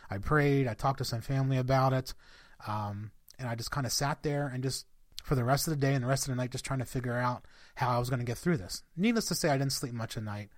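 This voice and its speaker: A man's voice: mid-range voice, fast, no room sound. Man telling a personal story, dry sound. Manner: conversational, addresses listeners as guys, many fillers. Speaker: podcast host. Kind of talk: personal story told to listeners.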